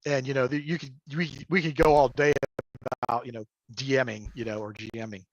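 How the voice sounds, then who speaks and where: Over a remote call mic with dull, lo-fi audio, a man appears as a guest game master on a casual livestream chat. He speaks fairly quickly in a steady, medium-pitched voice, rambling with lots of fillers and chuckles, against a little hiss or hum.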